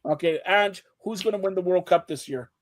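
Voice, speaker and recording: Guy with a high voice hosting a sports panel, jokey, keeps cutting in. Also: brisk. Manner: teasing, talks over others, animated. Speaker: sports show host. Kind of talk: casual panel chat.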